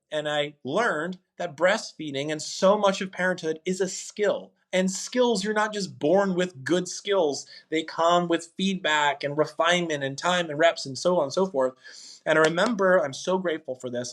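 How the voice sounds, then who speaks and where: A man in his thirties co-hosting a podcast in casual chat, earnest and animated, often acting out quoted lines. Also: on the high side, normal speed. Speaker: podcast co-host.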